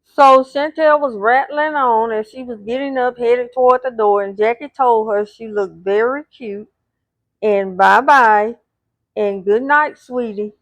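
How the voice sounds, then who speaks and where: A woman narrates a reality show recap at an unhurried pace, relaying who said what and talking back to the people on screen. Her voice sits high, and the recording is close and dry with no room sound. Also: no echo. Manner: retells scenes, reading out the cast's lines; blunt asides addressed to the cast.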